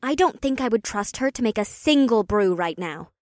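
A coy young cat girl with a breathy, purring manner, as a man puts her on in falsetto. Her voice sits far above the reader's own register and has a thinner, altered timbre. It comes across as a storybook companion, voiced close and dry. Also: animated, normal speed, no echo. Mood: practical.

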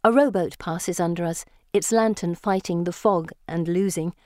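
A woman reading a first-person storybook in a measured, lyrical way. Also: on the low side, darkish tone, no echo, clean studio sound. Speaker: audiobook narrator.

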